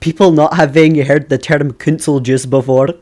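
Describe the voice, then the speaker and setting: A streamer sits at a computer desk at home, chatting casually with viewers in a live-stream and laughing often between remarks. The voice is medium-pitched and darkish, with a steady tone and a moderate pace.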